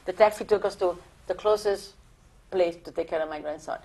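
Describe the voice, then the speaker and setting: An older woman from Italy with an Italian accent, telling her life stories in an oral history interview, animated and full of restarts. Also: fairly low pitch, a little fast. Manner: animated storytelling with many restarts.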